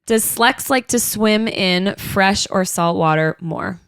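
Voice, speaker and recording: A young woman co-hosting a podcast, relaxed and playful as she runs a couples quiz. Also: medium pitch, takes it slowly, smooth, no echo, studio quality. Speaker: podcast co-host. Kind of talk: casual chat.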